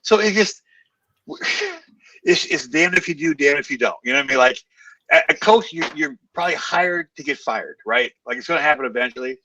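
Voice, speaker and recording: A man with a bright, forceful voice gives blunt, slangy opinions in casual live-stream chat. He sits back from a dry-sounding mic. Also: a little high, expressive, brisk, no room sound, distant mic, low-quality recording. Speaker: co-host of a bodybuilding watch party.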